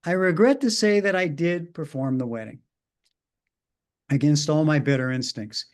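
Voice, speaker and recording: A man's voice: a little high, darkish tone. A middle-aged male minister telling a story in a sermon, with dry, wry asides.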